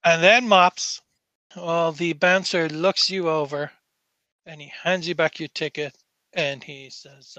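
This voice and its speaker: Brief: male game master, rambling narration, bright tone, dry sound. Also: on the high side, steady tone, takes it slowly, no room sound, lo-fi sound. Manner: rambling, with many fillers and restarts.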